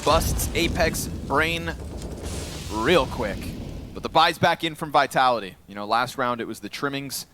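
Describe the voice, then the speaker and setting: A man doing fast, excited play-by-play commentary on a competitive shooter match. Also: medium pitch, background noise. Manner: rapid excited play calls. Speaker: play-by-play caster. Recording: game gunfire behind. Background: gunfire from the match.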